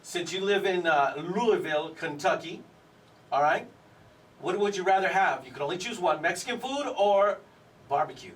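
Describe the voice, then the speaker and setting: A man's voice: sits high, expressive, normal speed, distant mic, low-quality recording. A man hosting a morning radio interview, upbeat, laughing often and saying "there you go". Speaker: radio host.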